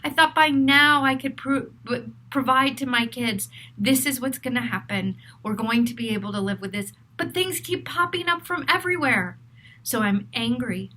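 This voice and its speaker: A woman's voice: fairly high pitch, moderate pace, pushed and bright, low-quality recording. A middle-aged woman, a therapist, talking to camera in an earnest, self-reflective way as she works through her feelings aloud.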